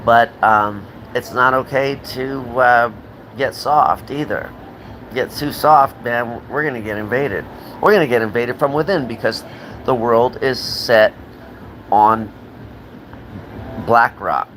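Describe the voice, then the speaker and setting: A man's voice: mid-range voice, takes it slowly, a bit bright, slight background noise, poor audio. An American man hosting a live stream, ranting in a rambling, profane and heated way and answering viewers' comments. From United States. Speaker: livestream host.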